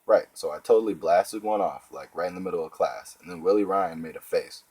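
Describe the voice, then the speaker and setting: A man's voice: low voice, brisk, a little mellow, breathy edge, dry recording, low-quality recording. A man reading the part of a smug, scheming schoolboy who lectures like a small politician.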